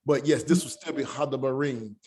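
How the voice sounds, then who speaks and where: A man teaching an online Hebrew class. He talks haltingly, with many fillers, and spells sounds out slowly. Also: medium pitch, crowd noise.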